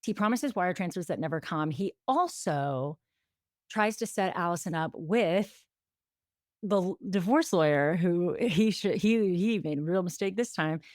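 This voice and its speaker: Woman podcast host rambling through a recap, lowish voice, super dry close mic. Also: lively intonation, measured pace, darkish tone, no echo. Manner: chatty, lots of "like" and quoted asides. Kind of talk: casual chat recapping a story.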